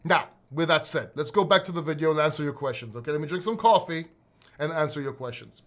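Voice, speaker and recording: A man's voice: fairly high pitch, fast talker, a bit bright. A middle-aged man from Greece, a crypto video host, talking casually and bluntly, swearing and rambling with restarts. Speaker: crypto YouTuber. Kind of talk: casual solo video talk.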